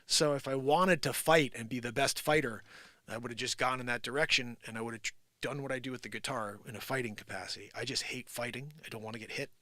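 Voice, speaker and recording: Middle-aged male host, New Jersey accent, bright forceful tone, dry close sound, animated storyteller. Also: mid-range voice, quick pace, dry recording. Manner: animated storytelling, acts out quoted voices, swings from loud to hushed. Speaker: live show host. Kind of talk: casual livestream monologue.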